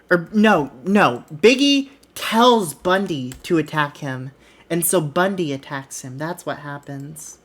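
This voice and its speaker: A woman's voice: lowish voice, expressive, slow pace. A woman streamer chatting casually while she plays a wrestling booking game, swearing offhandedly.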